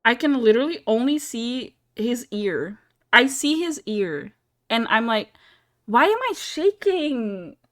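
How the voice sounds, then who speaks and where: A woman's voice: fairly high pitch, lively intonation, slow, fairly bright tone. A young woman streaming a story game, reacting with giddy, laughing, flustered commentary. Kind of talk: excited live reaction commentary. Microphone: headset with earbuds.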